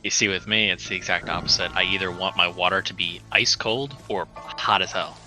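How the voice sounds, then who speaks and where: Deep, bright-toned rambling streamer man. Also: fairly quick, soft background music, low-quality recording. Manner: rambling, restarts often, teasing. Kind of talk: casual chat while gaming live.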